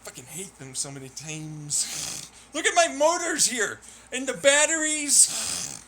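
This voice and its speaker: A man's voice: very high-pitched, sing-song, slow, sharp tone. A young man streaming alone, rambling while he plays, swearing, laughing and ranting in irritation. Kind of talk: rambling solo talk while playing.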